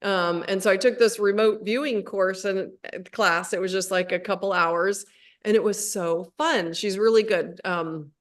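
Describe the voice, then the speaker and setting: A woman's voice: medium pitch, fairly even intonation, moderate pace. Rambling woman hosting a spiritual chat. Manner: rambling, with many restarts and fillers. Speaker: host of a spiritual livestream. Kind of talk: casual conversation. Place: at home, on a live video stream.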